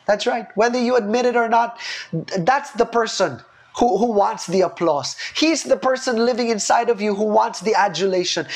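A man giving an earnest, animated sermon, repeating his key phrases for emphasis. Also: a little high. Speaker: preacher.

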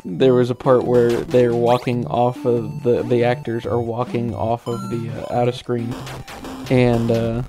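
A man hosting a casual let's-play commentary, giggly and excitable, laughing often as he plays. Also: mid-range voice, measured pace, over music. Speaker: gaming channel host.

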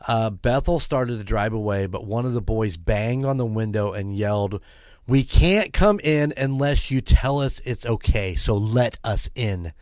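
A man's voice: on the low side, lively intonation, measured pace, a little mellow, no room sound, clean studio sound. A man co-hosting a podcast, reading a paranormal story aloud with chatty asides and the odd restart.

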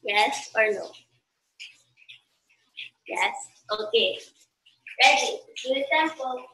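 High bright woman counting dance beats. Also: expressive, takes it slowly. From Philippines. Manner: counts beats aloud, checks in with okay. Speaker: dance teacher. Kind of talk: online dance tutorial. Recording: roomy echo, voice from a distance.

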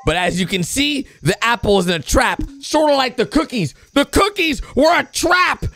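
A young man hosts a reaction video on cartoons, commenting excitedly, shouting and gasping at surprises, and speaking directly to his viewers. His voice is very high-pitched at a normal speed.

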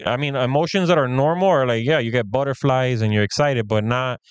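A man in his thirties talks casually as a podcast co-host and puts on the voices of the people he quotes. His voice is smooth and clear, at a mid pitch. The sound is dry and close. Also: brisk, no echo, dull audio. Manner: animated, acts out quoted dialogue. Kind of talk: casual storytelling chat.

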